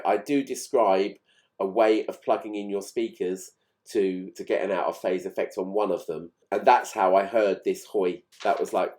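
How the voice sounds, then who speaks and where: A man with a fairly low voice talks casually to his channel's viewers. He explains small recording quirks in close detail, and his enthusiasm comes through. His delivery is conversational and unscripted. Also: a little mellow. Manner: chatty, detailed, audibly enthused about tiny recording details. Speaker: music channel host.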